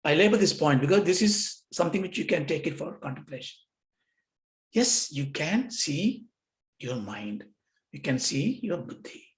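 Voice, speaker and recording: A man's voice: a little high, very animated, moderate pace. A man teaching yoga philosophy, acting out questions and answers with himself. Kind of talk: lecture on scripture. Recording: roomy echo.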